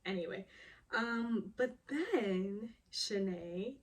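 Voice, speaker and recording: Slow, chatty woman a bit off-mic. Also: mid-range voice, animated, recorded from a distance. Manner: chatty, slow, with frequent ums and laughs. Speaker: vlogger recapping a reality show. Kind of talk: casual chat.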